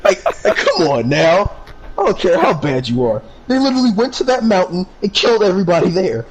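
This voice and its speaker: A man co-hosting a podcast, talking in an animated, ranting casual way with lots of swearing. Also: high voice, a little fast, rough recording. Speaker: podcast co-host. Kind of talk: casual chat.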